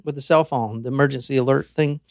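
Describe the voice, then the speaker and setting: Woman podcaster, animated storytelling, swears a lot, dry close sound. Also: fast, no echo. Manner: animated, swears, acts out quotes in a high voice. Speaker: podcast host. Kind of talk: casual true-crime storytelling.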